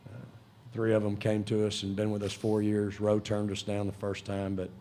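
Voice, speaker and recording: A man's voice: on the low side, completely flat delivery, moderate pace, warm tone, a little hiss or hum. A male head coach, speaking proudly and emotionally at a postgame press conference.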